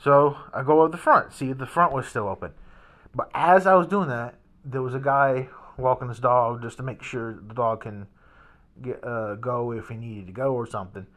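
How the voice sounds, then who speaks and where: A man's voice: mid-range voice, moderate pace, fairly bright tone. A young man casually rambling through a story in a hotel room, full of restarts and fillers. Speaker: vlogger.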